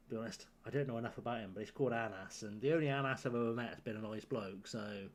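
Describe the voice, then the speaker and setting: A man chatting casually and tiredly at home on a late-night game stream, joking with his chat and laughing often. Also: mid-range voice. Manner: joking banter with chat, frequent laughter, rambling. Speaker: live-streaming gamer.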